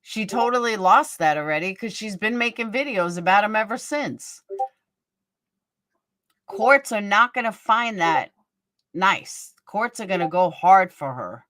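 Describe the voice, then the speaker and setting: A livestream host with a mid-range, fairly bright voice speaks a little slowly and expressively, recorded dry at studio quality. Casual and profane, she gossips bluntly and responds to viewers by name while going through their comments.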